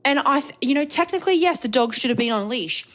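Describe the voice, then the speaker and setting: A woman's voice: high-pitched, animated, fast talker, a bit bright. A woman listener recounting a personal story, a little defensive.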